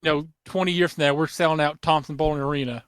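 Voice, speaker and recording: A young man hosting a casual podcast, rambling excitedly with lots of fillers and restarts, his voice a little worn. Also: on the high side, quick pace, smooth, dry recording, studio quality. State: losing his voice. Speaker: podcast host.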